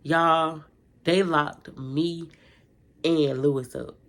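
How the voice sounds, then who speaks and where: A young woman, telling a personal story to her viewers in casual vlog style, jumping high when she acts out her own lines. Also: extremely slow. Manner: animated retelling, jumps to high pitch when quoting herself. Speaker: storytime vlogger.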